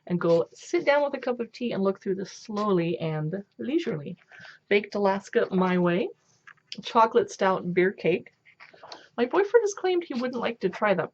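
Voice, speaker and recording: A woman's voice: medium pitch, slight background noise. A woman chatting casually as she flips through a cookbook, gushing and thinking aloud. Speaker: cookbook reviewer. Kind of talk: casual flip-through commentary. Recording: dull lo-fi home video audio.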